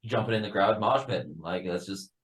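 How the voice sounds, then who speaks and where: A man from a metal band, a guest on a casual podcast. He talks in an excitable, profane way and laughs often. His voice sits a bit low. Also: fairly quick.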